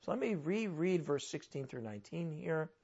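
A male pastor preaches in a relaxed, conversational manner, posing rhetorical questions to his listeners. His voice sits a little high for a man. The recording is dull and lo-fi. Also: moderate pace, creaky, breathy edge. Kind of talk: sermon.

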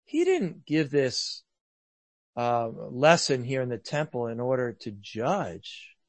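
A man preaching a sermon earnestly, rising to loud emphasis and dropping to hushed, soft lines. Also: medium pitch, big pitch swings, slow pace, dry recording.

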